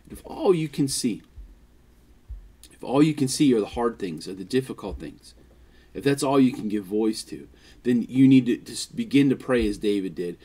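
A man's voice: medium pitch, expressive, moderate pace, dark tone, husky. Earnest male pastor preaching. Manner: earnest, repeats words and restarts phrases. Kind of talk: sermon.

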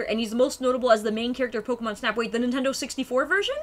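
A woman's voice: on the high side, racing, few pauses. A young adult woman streaming a game, chatting casually and animatedly with her viewers and laughing often.

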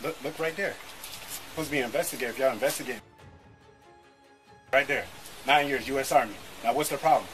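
A man's voice: medium pitch, fairly quick, pauses often, rough recording. A man standing outside his home, arguing insistently and defiantly with police officers, repeating his points. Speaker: homeowner confronting police. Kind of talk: heated argument on bodycam. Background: background music.

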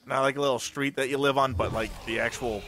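A man's voice: mid-range voice, steady tone, quick pace, a bit bright, a little hiss or hum. A man chatting casually and goofing around while playing a co-op game with a friend. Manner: goofy, joking. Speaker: gamer. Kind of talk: casual co-op gaming chat.

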